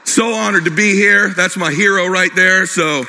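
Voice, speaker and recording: A man giving an energetic, punchy motivational talk to a live audience, talking fast and joking with the crowd. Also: high voice, a little hiss or hum. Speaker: keynote speaker. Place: large hall with live audience. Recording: long reverb of a big hall.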